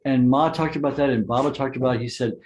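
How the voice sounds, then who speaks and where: A man giving a spiritual satsang talk, telling personal stories with soft laughs and frequent restarts. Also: mid-range voice, fast talker. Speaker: spiritual teacher.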